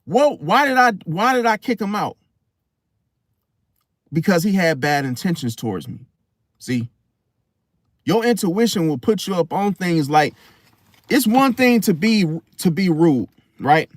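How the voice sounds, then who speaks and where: A man's voice: high voice, measured pace, long pauses, dry recording, studio quality. A man casually telling a story in slangy talk and acting out the quoted lines. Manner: animated, slangy, acts out quotes. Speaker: podcast host.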